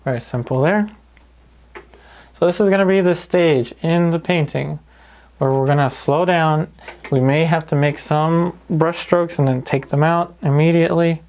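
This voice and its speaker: Guy with a gravelly voice walking you thru a paint-along, relaxed and easygoing. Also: a little high, moderate pace. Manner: calm, easygoing, talks through each step. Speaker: painting instructor. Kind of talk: paint-along tutorial narration.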